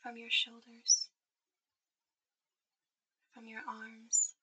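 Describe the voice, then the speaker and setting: Breathy whispering woman, whispered role-play. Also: a little high, monotone, very slow, rough recording. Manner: soft intimate whisper, guiding to sleep. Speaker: ASMR performer.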